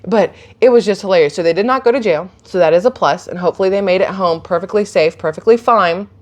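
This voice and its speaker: A woman's voice: mid-range voice, quick pace. A woman, telling a story casually to her phone and acting out the people in it with lots of energy. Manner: animated, chatty, laughs and gasps while retelling. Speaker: vlogger.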